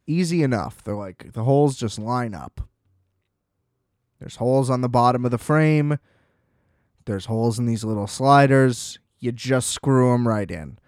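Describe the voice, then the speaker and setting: A man's voice: mid-range voice, a little mellow, no room sound, studio quality. A young man chatting casually on his own, rambling, swearing freely and laughing often. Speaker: solo vlogger. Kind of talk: casual chat.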